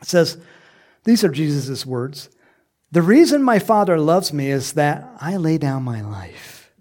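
A man preaching a sermon in a lively way, acting out quoted voices and laughing often. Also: on the high side, measured pace. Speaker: pastor.

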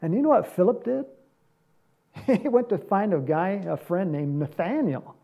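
A man preaching a sermon and leading a closing prayer, animated, acting out scenes and laughing often. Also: sits high, moderate pace, creaky.

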